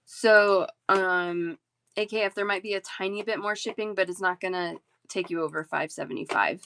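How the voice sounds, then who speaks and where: A woman's voice: mid-range voice, fairly even intonation, normal speed, a bit bright, slight background noise. A woman hosting a live bead sale, chatting casually, answering viewers and rattling off prices and sizes. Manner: chatty, reads chat aloud and rattles off prices. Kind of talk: casual live-stream sales chat.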